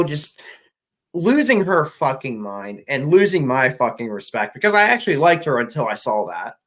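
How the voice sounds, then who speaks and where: Heard through poor audio, this male podcast co-host has a mid-range, sing-song voice that's a bit bright, moving at a moderate pace. He rants exasperatedly on a casual commentary show, swearing and restarting repeatedly.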